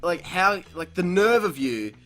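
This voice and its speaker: A young podcast host with a high, sing-song voice tells a story in a casual chat at a measured pace, with faint music in the background. He swears, laughs a lot, and loudly acts out quotes.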